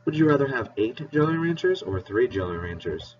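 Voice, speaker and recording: This medium-pitched, darkish male voice moves fairly quickly in a sing-song way as he teaches kids math, playful and encouraging, spelling out words. The mic is distant, and the audio is dull lo-fi with a faint hiss.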